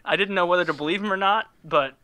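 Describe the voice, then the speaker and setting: A man's voice: high-pitched, quick pace, pushed and bright, no room sound. A young man casually telling stories on a podcast, swearing freely and acting out the people he quotes. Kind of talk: casual storytelling chat.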